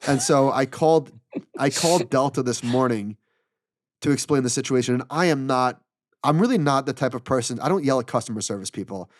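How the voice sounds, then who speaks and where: A middle-aged man co-hosting a podcast, telling a story in an animated, exasperated way and acting out the dialogue. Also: medium pitch, brisk, no echo, studio quality. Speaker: podcast co-host. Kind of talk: casual storytelling chat.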